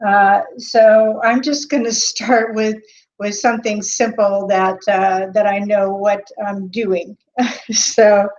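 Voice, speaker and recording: Slow, hesitant woman on a lo-fi stream. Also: medium pitch, little pitch movement, a little mellow. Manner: hesitant, with frequent pauses and fillers; greets chat viewers by name. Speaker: medium hosting a live stream. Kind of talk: unscripted live-stream talk. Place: indoor room. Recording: dull lo-fi webcam audio.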